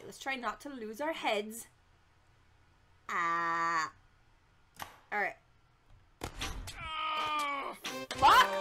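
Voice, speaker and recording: A young woman commentating a video game, loud and excitable, yelling, swearing and laughing at the game. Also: extremely high pitch. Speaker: gameplay commentator. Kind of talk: let's play commentary.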